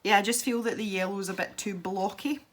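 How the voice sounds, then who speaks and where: For her channel, a woman from Scotland demonstrates an art technique while colouring, chatting in a casual, rambling way with easy laughs. Her mid-range voice is steady and quick.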